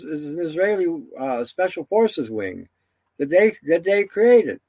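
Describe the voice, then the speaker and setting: A man's voice: a little high, expressive, measured pace, dry recording. A man giving a rambling, indignant solo commentary, full of fillers and restarts.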